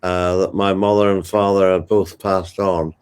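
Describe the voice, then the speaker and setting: An older man from Ballymena, Northern Ireland, with the local accent, appears as the guest in a casual interview, sharing warm stories from his life as a television broadcaster and dropping in fond asides. His voice is low and smooth, with little pitch movement and a moderate pace.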